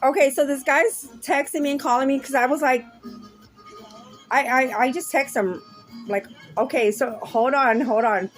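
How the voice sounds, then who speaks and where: A woman talking candidly to camera in a rambling, profane way, swinging from mumbles to loud outbursts. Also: high-pitched, moderate pace, faint music behind. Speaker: vlogger.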